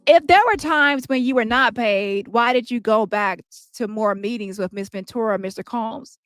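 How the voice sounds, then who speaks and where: A woman reading the part of an attorney questioning a witness in court, with brisk, pointed questions and faint music behind. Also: on the high side, a bit bright, smooth, no echo, clean studio sound, natural voice. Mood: probing.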